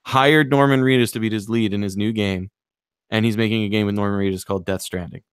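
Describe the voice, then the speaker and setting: A man co-hosting a podcast, talking in an animated, profane, excitable way. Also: lowish voice, fast talker, smooth, dry recording, clean studio sound. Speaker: podcast co-host. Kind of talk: casual chat.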